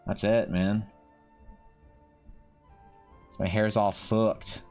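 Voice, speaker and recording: A man's voice: lowish voice, little pitch movement, drawn-out words, darkish tone, faint music behind. A man streaming and chatting casually, rambling and swearing with lots of restarts. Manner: rambling and profane, many restarts. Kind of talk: casual chat while drawing on stream.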